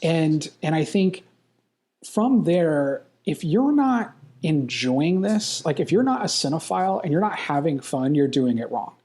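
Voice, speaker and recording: A man's voice: a little high, very animated, darkish tone. A man talking as a filmmaker guest in a casual interview, enthusiastic and rambling, from a hotel room. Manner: enthusiastic, rambling, quick bursts.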